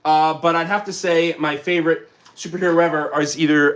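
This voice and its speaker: Lively bright-voiced young man streaming. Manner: energetic, rambling, quick pitch jumps and bursts of laughter. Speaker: livestream host. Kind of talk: casual livestream chat reading viewer comments.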